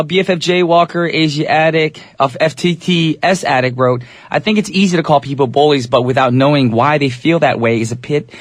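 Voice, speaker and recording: A young male radio DJ with an easygoing, chatty manner, talking directly to his listeners. His voice sits at a middle pitch and is slightly raspy. The studio sound is dry and close. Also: no echo. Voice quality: a little raspy today. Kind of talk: English-language radio DJ chat.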